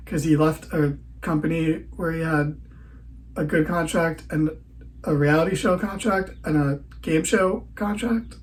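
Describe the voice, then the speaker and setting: A man's voice: a little high, steady tone, measured pace, a little hiss or hum, low-quality recording. A tired man hosting a podcast, giving a rambling, sarcastic recap of a wrestling show. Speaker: podcast host.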